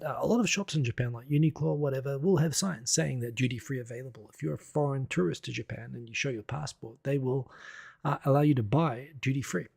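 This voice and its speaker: A man hosts a casual live stream with a gravelly, slightly husky voice. He rambles and laughs as he talks through stories, and the sound is dry and close with little room behind it. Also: medium pitch, dark tone, dry recording. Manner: rambling, chatty, laughs often, many fillers and restarts. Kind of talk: casual news commentary.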